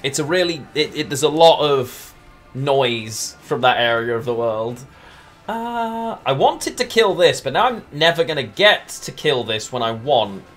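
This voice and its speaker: A man's voice: medium pitch, fairly bright tone. A man gives casual commentary while playing a game, thinking aloud and chatting with viewers between moves. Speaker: game streamer.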